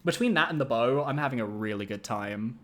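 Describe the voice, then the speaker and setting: Male streamer, casual gameplay commentary, excitable and foul-mouthed, rambling. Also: mid-range voice, fairly quick. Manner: excitable, swears freely, rambling asides.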